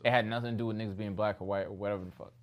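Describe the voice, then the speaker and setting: A man's voice: lowish voice, fairly even intonation, very fast. Laid-back man in casual chat.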